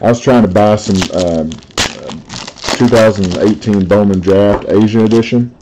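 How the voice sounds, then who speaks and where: Chatty low-voiced man breaking cards. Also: a little slow, noisy background. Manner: chatty storyteller, laughs easily, reads out cards. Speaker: card break host. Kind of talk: casual live card-break commentary.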